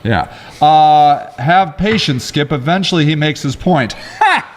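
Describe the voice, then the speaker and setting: A middle-aged man co-hosting a casual talk show, telling rambling stories in quick, lively bursts. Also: fairly high pitch, a little hiss or hum. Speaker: co-host. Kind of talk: casual chat.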